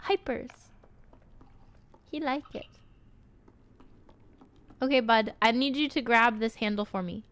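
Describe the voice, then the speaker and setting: A young woman streaming a horror game, chatting playfully and cooing to an in-game companion, swinging from quiet muttering to excited squeals. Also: on the high side, slow, long pauses, a little hiss or hum. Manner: playful, talks baby-talk to a game companion. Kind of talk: casual gameplay commentary.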